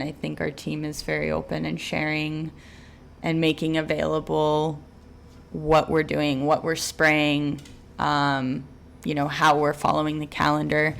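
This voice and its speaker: Low, slow, smooth-voiced woman. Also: slight background noise. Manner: measured, frequent ums and you knows. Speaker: assistant winemaker. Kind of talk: casual podcast interview.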